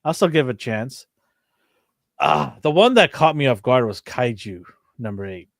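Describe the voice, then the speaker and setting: A man co-hosting a casual chat show, telling lively stories and acting out what people said, laughing often. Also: medium pitch, normal speed, vocal fry, dry recording, studio quality. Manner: animated storyteller, acts out quotes, laughs often. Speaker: co-host of a toy and anime show.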